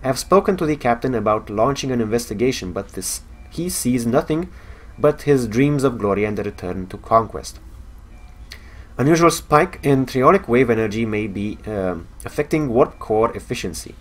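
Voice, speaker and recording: A man's voice: mid-range voice, expressive, normal speed, close to an everyday voice. Weary male alien soldier, game log, solemn reading, romanian accent, man reading. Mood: somber.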